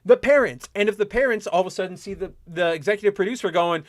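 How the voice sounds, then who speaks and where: Animated young man ranting solo. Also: high-pitched, fast, few pauses, dry recording. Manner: animated ranting, mocking quoted voices. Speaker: podcast host. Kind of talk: casual solo commentary.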